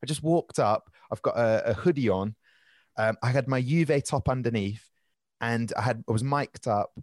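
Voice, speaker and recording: A man trades stories on a podcast, rambling and animated and prone to quick asides. His voice sits in an ordinary middle register. It is recorded close and dry, with no room sound. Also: medium pitch, no room sound. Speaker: podcast guest. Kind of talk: casual storytelling chat.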